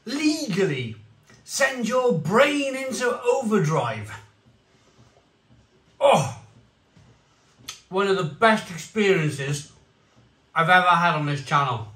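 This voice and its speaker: Excitable man in an echoey room. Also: sits high, slow, pauses often, distant mic. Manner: excitable, rambling, bursts of shouting. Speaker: beer reviewer. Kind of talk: enthusiastic tasting vlog.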